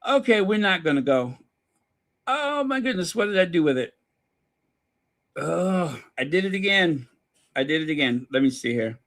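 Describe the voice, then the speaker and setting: A woman's voice: fairly low pitch, sing-song, normal speed, long pauses, no room sound, studio quality. A woman hosting a casual commentary channel, chatting and teasing while fumbling to find clips.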